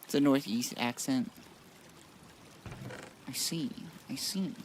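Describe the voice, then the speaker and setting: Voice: medium pitch, takes it slowly, noisy background. A streamer from the United States chatting loosely and swearing while playing a game, answering chat as they go. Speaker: gaming streamer. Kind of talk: casual live-stream chat.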